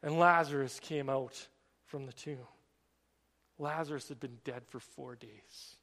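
A man preaching a sermon, swinging between emphatic raised passages and quiet, drawn-out emphasis. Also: mid-range voice, steady tone, big-room sound. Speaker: pastor.

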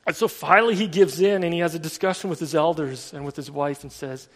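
A man's voice: on the high side, quick pace. A man preaching a sermon in a casual, storytelling way, full of everyday fillers. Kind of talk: conversational sermon. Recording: long reverb of a large hall.

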